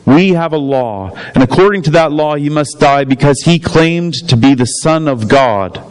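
An insistent crowd of accusers demanding a sentence, read aloud by a man. The lines are lifted higher and pushed harder than his reading voice. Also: animated, moderate pace, smooth, close to an everyday voice. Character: angry crowd of accusers, men.

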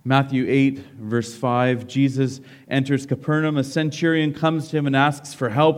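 A man's voice: mid-range voice, level tone, normal speed, hardly any pauses. Man preaching, asks the room questions. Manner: dramatic reading, asks the congregation questions. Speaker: pastor. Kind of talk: sermon with read-aloud story.

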